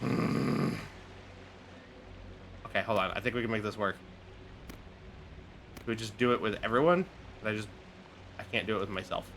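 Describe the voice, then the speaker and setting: A man with a bright, edged voice talks through a game on a live stream. He jokes, swears freely and mutters half to himself, with a faint hiss of noise behind him. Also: fairly low pitch, moderate pace, long pauses. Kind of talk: live gameplay commentary.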